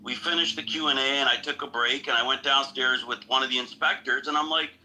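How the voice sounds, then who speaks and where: Bright-voiced man recounting events. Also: medium pitch, fast, rough recording. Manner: talks in plain, steady steps, with some restarts. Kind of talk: casual storytelling chat.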